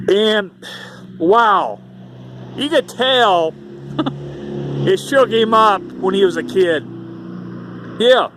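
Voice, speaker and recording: High-voiced man rambling on a vlog. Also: lively intonation, takes it slowly, long pauses, a bit bright. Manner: rambling, repetitive storytelling. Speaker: YouTuber. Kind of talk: casual vlog monologue.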